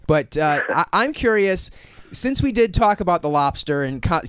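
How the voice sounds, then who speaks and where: A man's voice: high voice, very animated, normal speed, fairly bright tone, clear, resonant tone, dry recording. A man hosting a radio show from the studio, chatty and often stammering over his words. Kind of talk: casual radio interview.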